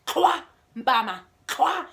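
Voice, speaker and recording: Animated South African woman telling a story. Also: sits high, takes it slowly, vocal fry. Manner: animated, conversational storytelling with frequent restarts. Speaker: YouTuber. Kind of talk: storytime vlog.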